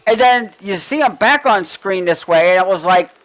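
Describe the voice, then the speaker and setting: Rambling high-voiced man chatting. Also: expressive, normal speed, fairly bright tone, rough recording. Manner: rambling, restarts often, swears casually. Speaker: podcast co-host. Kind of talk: casual chat.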